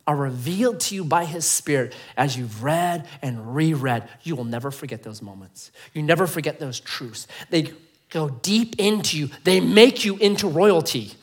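A male pastor preaching a sermon with emphatic, repeated phrases, swinging between loud stress and quiet near-whispers. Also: fairly high pitch.

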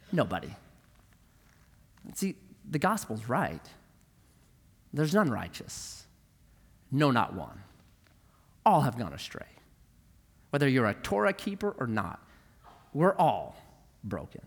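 A middle-aged pastor preaches a sermon full of animated stories, acting out the voices of the people in them. His mid-range voice is slightly rough and slow, with long pauses. The large hall gives a long reverb.

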